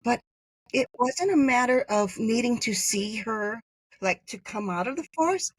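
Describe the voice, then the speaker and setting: A woman from Hawaii, a podcast guest, telling a personal story in a rambling way, with sudden high jumps when she voices others. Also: breathy edge, no echo, poor audio. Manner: animated, acts out quoted voices with pitch jumps; rambling, self-correcting.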